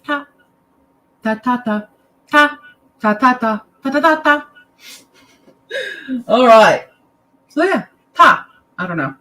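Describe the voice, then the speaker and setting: A woman's voice: on the high side, animated, slow, pauses often, sharp tone, poor audio. A tired young woman teaching a casual online lesson, chatty and self-deprecating, wandering into side remarks. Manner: chatty, self-deprecating, drifts into asides and laughs. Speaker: language teacher.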